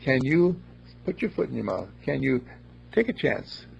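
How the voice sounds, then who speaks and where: Raspy man, playful and rambling, lively pitch, lo-fi recording. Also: moderate pace, slight background noise. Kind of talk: casual storytelling talk.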